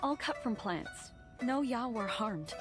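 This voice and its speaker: An actress playing a calm, wise woman grandmaster who speaks in a measured, gently firm way, in game audio. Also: a little high. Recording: game audio with background music.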